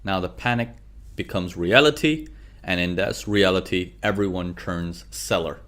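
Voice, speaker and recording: Low-voiced man teaching chart trading. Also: moderate pace, a bit bright. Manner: repeats questions, acts out traders' inner voices. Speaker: trading instructor. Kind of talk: screen-share trading lesson.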